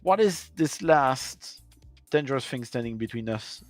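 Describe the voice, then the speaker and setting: A man's voice: medium pitch, expressive, a little slow, dry recording, soft background music. A man acting as game master, prompting players with questions and calling for dice rolls. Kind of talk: running a tabletop game.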